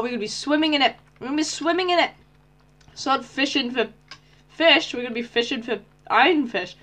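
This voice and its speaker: Teen girl gaming, high bright voice, squeals and yells when excited. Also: brisk. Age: teens. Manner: bubbly, squeals and shouts with excitement. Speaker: Minecraft YouTuber. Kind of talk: casual gameplay commentary.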